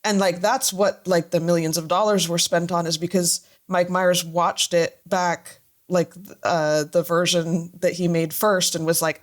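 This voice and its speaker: A woman's voice: on the low side, little pitch movement, a little slow, few pauses. Chatty laughing young woman. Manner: laughs often, chatty and joking. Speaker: podcast guest, YouTuber. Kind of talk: casual podcast chat.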